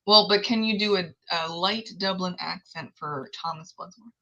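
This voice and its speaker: A woman's voice: on the low side, moderate pace, pushed and bright, lo-fi sound. A woman author hosting her book launch livestream, chatting in a scattered, friendly way and laughing often. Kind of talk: casual livestream chat.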